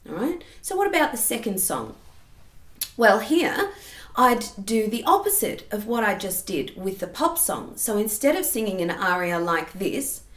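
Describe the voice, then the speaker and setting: A woman's voice: medium pitch, sing-song, normal speed, fairly bright tone, reverberant. A woman giving an online singing lesson, explaining technique and stopping to sing short demonstration phrases. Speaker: singing teacher.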